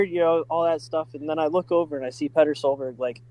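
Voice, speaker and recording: Excited man, podcast guest, loose rambling storyteller, slightly high voice. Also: fast talker, no echo, poor audio. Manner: enthusiastic, many fillers like "like" and "uh". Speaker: podcast guest, driving school staff. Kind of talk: casual storytelling.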